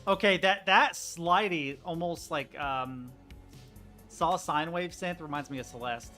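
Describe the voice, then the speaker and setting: A man's voice: a little high, a little slow, bright, forceful tone, soft background music. A man streaming a video game, chatting casually and rambling as he plays. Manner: chatty, rambling, laughs easily. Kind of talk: casual gameplay commentary.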